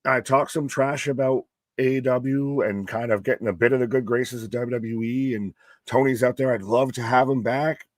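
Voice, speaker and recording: A man's voice: medium pitch, steady tone, moderate pace, no room sound. Opinionated young man, dry close sound. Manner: opinionated, swears, rambles with loose analogies. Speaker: co-host. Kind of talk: casual wrestling talk.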